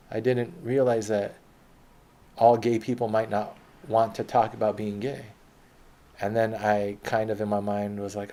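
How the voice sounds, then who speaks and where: A man's voice: on the low side, flat delivery, unhurried, warm tone. A man telling a long personal story in a casual, rambling, profane way.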